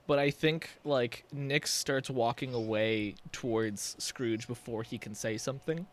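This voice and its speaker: A man's voice: mid-range voice, fairly even intonation, unhurried. A man playing a tabletop game, thoughtfully describing what his character does. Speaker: player. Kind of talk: casual tabletop game chat.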